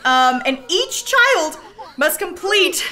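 A young woman live-streaming a life-sim game, excitable and laughing often, swinging between squeals and low mutters. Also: takes it slowly.

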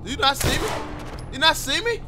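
A man giving live gameplay commentary, loud and excitable, with profane play-by-play reactions. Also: very high voice, fairly quick, music in the background.

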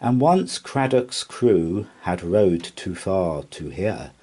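A man reading a rhyming children's picture book aloud in an expressive storytelling voice. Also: low-pitched, breathy edge. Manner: slow, expressive rhyming delivery. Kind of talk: children's read-aloud narration.

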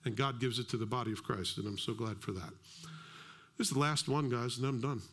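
A middle-aged male pastor giving a sermon, telling stories with lively acted-out dialogue. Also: medium pitch, brisk. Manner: animated storytelling, acts out dialogue.

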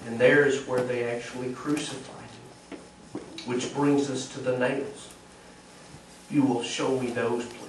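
A man preaching a storytelling sermon in church, animated, acting out the voices of the people in the story. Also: medium pitch, measured pace, pauses often, recorded from a distance, noisy background. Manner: animated, acts out quoted voices. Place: church sanctuary. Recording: echoey church recording from afar.

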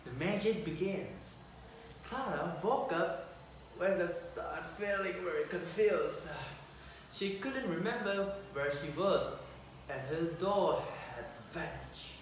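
A teenage male student reading a children's story aloud, slow and halting, often correcting himself. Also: high-pitched. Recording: echoey room, distant mic, faint noise.

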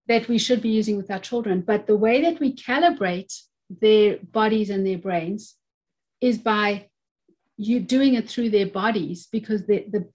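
Heard through a video-call microphone, this occupational therapist in her fifties is a guest on a webinar interview. Her medium-pitched voice has a darkish tone, and she speaks with earnest conviction, repeating phrases for emphasis.

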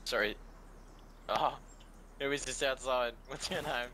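A man's voice: mid-range voice, unhurried, bright, forceful tone, a little hiss or hum. Teasing man in game voice chat. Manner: laughing, teasing, stubborn banter. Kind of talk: gaming voice chat.

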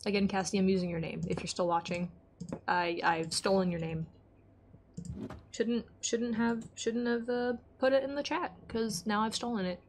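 A woman's voice: mid-range voice, steady tone, moderate pace, slight background noise. A woman streaming a game, chatting casually to herself and her viewers and getting exasperated now and then. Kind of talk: casual let's-play chat.

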